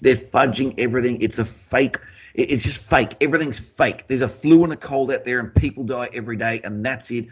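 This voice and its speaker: A man's voice: medium pitch, fairly quick, slightly rough. An Australian man hosting a talk podcast, ranting emphatically and swearing as he talks. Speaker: podcast host. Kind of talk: casual conspiracy talk show.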